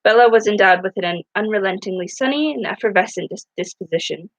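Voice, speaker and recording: A woman's voice: mid-range voice, fairly quick, no room sound, poor audio. A woman reading a novel aloud in a casual way, often stumbling and restarting her words. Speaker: reader.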